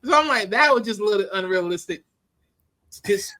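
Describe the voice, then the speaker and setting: Animated, high-voiced casual man. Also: a little fast, long pauses. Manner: animated, laughing often, acting out scenes in voices. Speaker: movie reviewer. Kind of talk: casual spoken movie review.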